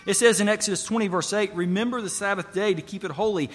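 Earnest preacher in a reverberant hall. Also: male voice, sits high, fast, hardly any pauses. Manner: earnest preaching with rising emphasis and repetition. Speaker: pastor. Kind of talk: sermon.

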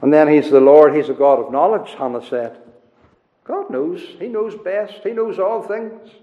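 High-pitched preacher in echoey hall. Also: male voice, normal speed. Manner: emphatic repetition, rising and falling. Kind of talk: sermon. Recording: echoey church hall, dull lo-fi sound.

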